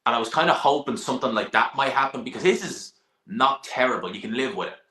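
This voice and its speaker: A man's voice: mid-range voice, lively intonation, quick pace, bright, forceful tone. A young man, hosting a casual live stream, reading viewer questions and chatting bluntly about boxing. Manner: chatty, blunt, sighs and laughs, swears now and then. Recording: echoey room.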